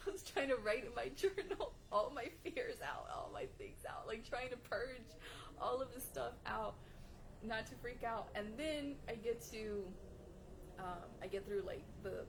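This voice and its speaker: A woman vlogger telling a story to camera in a chatty, animated way, laughing often and leaning on "like" and "you know.". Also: a little high, slight background noise. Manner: heavy use of "like" and "you know" as fillers. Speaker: vlogger on manifesting.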